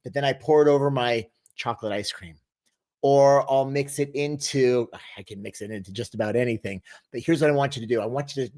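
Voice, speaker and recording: Upbeat man hosting a fitness livestream. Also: mid-range voice. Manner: upbeat, encouraging, with many restarts. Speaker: fitness coach hosting a live Q&A. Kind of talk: livestream Q&A, reading viewer comments.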